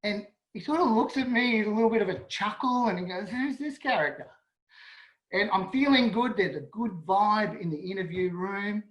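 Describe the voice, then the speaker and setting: Male storyteller, lively and self-mocking, echoey room. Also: sits high, normal speed, hardly any pauses. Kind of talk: personal story told to an audience. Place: home, indoors, online event. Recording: roomy echo on an online call.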